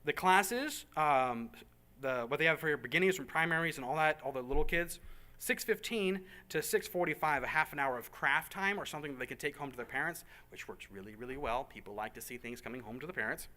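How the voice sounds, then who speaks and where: Pushed and bright, this man's higher-leaning voice leads a casual planning briefing for the church program he's organizing. He's joking with a roomful of volunteers in a meeting room. Upbeat throughout, he repeats points and drops in fast asides.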